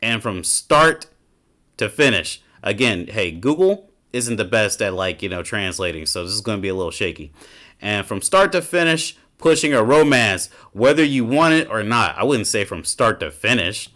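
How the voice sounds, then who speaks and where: A man's voice: fairly low pitch, sing-song, normal speed, fairly bright tone. A man doing a casual reaction commentary as a gaming YouTuber, ranting and swearing in an exasperated way.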